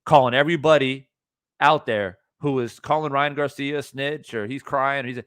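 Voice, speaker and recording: A man's voice: mid-range voice, fairly even intonation, normal speed, a bit bright, no echo, studio quality. Blunt, profane man ranting live. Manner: blunt, profane, repeats points for emphasis. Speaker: streamer reacting to boxing news. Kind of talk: live-stream reaction rant.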